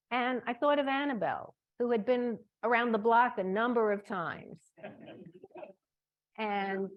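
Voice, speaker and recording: Brooklyn-raised woman in her 60s, chatty storyteller giving a talk at a club lunch. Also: medium pitch. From Brooklyn, New York. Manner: warm anecdotal storytelling. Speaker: guest speaker, matchmaker.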